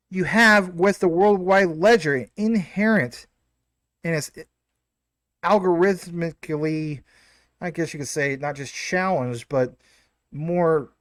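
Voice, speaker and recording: A man hosting his own video, explaining ideas casually with rhetorical questions, fillers and quick self-corrections. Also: high-pitched, no room sound, studio quality. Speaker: crypto video host.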